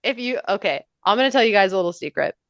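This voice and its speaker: A woman co-host from New York, bantering and reading notes in a dry, close-miked room. She is loud and profane and breaks into shrieking laughter. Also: medium pitch, lively intonation, fast talker, no room sound. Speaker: podcast co-host. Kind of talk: casual chat reading history notes.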